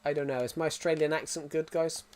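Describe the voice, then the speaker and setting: A man's voice: fairly high pitch, fairly even intonation, fast, a little mellow, smooth. A man in his twenties chatting casually on a live game stream, rambling with frequent restarts and repeats. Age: 20s.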